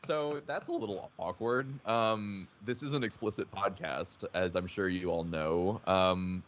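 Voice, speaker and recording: A man co-hosting a podcast livestream, talking in a relaxed, rambling way with fillers and casual swearing. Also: low voice, a little slow. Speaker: podcast co-host. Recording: dull stream audio with faint hiss.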